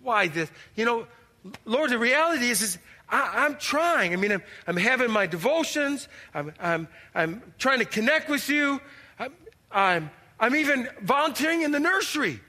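A man's voice: very high voice, big pitch swings, moderate pace, pushed and bright, heavily acted. A man acting as an anxious, overwhelmed churchgoer who pleads with God, exasperated and stammering as he talks. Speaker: actor in skit. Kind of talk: church drama monologue. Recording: reverberant hall.

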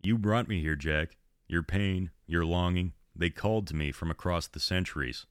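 A man doing a soft, sultry ghost woman. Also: low-pitched, normal speed, clear, resonant tone, no room sound, clean studio sound, natural voice. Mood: sad, urgent. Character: sad ghostly woman from an old painting. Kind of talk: storytelling reading.

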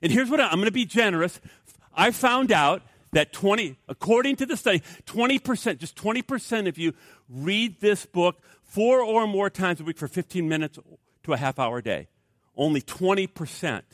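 A man preaching an energetic sermon as a pastor, stammering restarts and acting out the people he quotes. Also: high-pitched, no echo, clean studio sound. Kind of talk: animated sermon.

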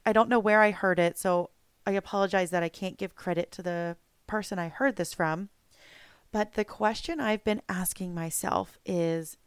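Solo podcast host, woman, 30s; candid and reflective, crisp tone, dry close sound. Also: mid-range voice, no room sound. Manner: candid, reflective, self-correcting. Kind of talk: casual solo podcast talk.

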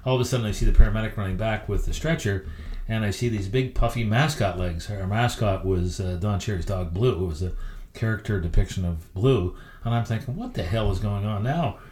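A middle-aged man, a hockey coach, telling stories as a guest in an interview with a lively, anecdotal delivery. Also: on the low side, a little fast, echoey room. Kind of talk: storytelling interview.

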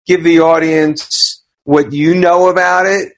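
Higher-voiced man hosting a podcast. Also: little pitch movement, slow pace, low-quality recording. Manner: hesitant, loose questioning. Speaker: podcast host. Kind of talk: casual interview.

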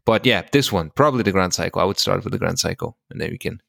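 A man with a low, gravelly voice, co-hosting a podcast. He jokes and teases in a relaxed way. The sound is dry and close. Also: quick pace, no room sound. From Hungary. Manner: joking, relaxed, teasing. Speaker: podcast co-host. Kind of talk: casual chat.

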